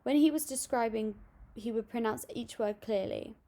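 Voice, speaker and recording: A young woman reading out a school assignment on voice techniques, steady and a little halting, with small restarts. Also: on the high side. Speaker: student presenting an assignment. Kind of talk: read-aloud school presentation.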